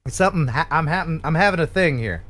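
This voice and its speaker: A man's voice: fairly high pitch, expressive, fast talker, a bit bright. A man hosting a casual live-stream chat, joking and playful as he talks. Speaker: host of a live show.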